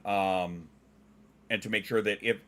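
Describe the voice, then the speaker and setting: A middle-aged man with a Western Canadian accent, chatting casually on a stream, joking and enunciating clearly like a trained former DJ. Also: fairly low pitch, steady tone, unhurried, fairly bright tone. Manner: joking, dad jokes. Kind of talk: casual chat reading viewer comments.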